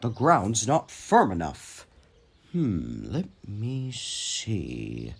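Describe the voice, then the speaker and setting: A man playing a stern, portly railway controller in an animated train story, firm and measured. His delivery is slow and deliberate, and music plays behind him. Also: on the low side, creaky, husky, exaggerated voice. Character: stern stout male railway boss, firm but fair.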